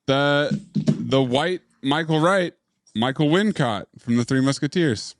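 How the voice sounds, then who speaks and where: A man's voice: a little high, animated, slow pace. A man co-hosting a podcast in casual chat, wry and teasing. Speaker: podcast co-host.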